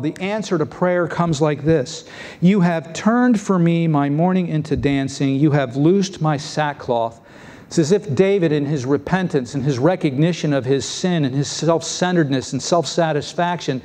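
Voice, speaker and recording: Animated preacher man, fairly high voice. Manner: lively, acts out scripture voices. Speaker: pastor. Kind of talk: sermon. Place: church sanctuary.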